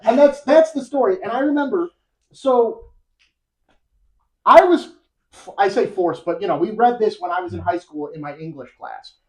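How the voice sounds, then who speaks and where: A young-adult podcast host casually retelling a story, animated and rambling, laughing often. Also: medium pitch, normal speed, low-quality recording.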